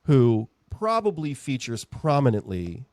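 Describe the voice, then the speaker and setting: A man's voice: mid-range voice, big pitch swings, unhurried, a little mellow, dry recording, clean studio sound. A man hosting a podcast, chatting in a rambling, jokey way. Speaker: podcast host. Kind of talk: casual podcast chat.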